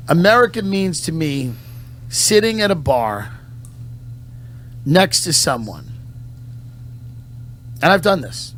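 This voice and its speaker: Male comedian with a slightly high voice, slow deadpan delivery, mock-solemn patriotic speech, a faint hum behind him. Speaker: comedian and podcast host. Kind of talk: satirical mock-patriotic monologue.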